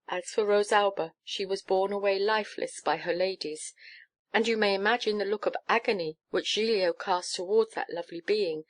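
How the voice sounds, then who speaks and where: A woman narrating a children's storybook aloud. Her reading is lively and expressive, with a voice of middle pitch. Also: moderate pace. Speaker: audiobook narrator.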